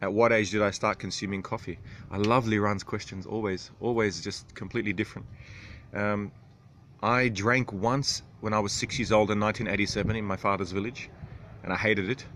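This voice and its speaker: A man in his thirties hosting a casual livestream, reading out viewer comments with frequent chuckles and throat clearing. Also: on the low side, steady tone, a little fast, a bit bright, a little hiss or hum. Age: 30s. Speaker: livestream host.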